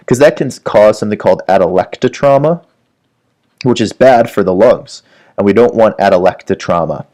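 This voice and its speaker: A man's voice: lowish voice, darkish tone. A man teaching a medical lecture, walking through diagrams and often checking in with "right?". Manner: explanatory, frequent "right?" check-ins. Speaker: medical educator. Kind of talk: whiteboard lecture.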